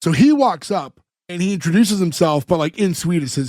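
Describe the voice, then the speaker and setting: A man's voice: high-pitched, a little fast, few pauses, dry recording, studio quality. A man co-hosting a podcast, casually recapping a sitcom episode and acting out lines from it. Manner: animated retelling, acts out quoted lines. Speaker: podcast co-host.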